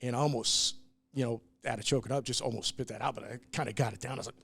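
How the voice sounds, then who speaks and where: A man's voice: mid-range voice, steady tone, quick pace, creaky, fairly bright tone, breathy edge. Candid man telling a personal story. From New York, US. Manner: candid, emotional storytelling with frequent restarts and swearing. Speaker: brewery owner, guest. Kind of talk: casual chat.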